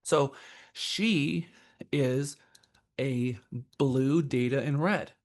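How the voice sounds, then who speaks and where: A man teaching a sales class in a relaxed, conversational way, calling on people and asking questions. His voice sits at a mid pitch for a man. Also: very slow. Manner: conversational, asks the group questions. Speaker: sales trainer. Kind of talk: classroom instruction.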